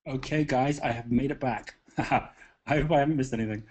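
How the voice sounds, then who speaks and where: A man's voice: mid-range voice, a little fast, darkish tone. Guy hosting a webinar, upbeat, lots of ums and restarts, casual chat. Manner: upbeat, many fillers and restarts. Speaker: webinar host. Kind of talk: live online call, casual.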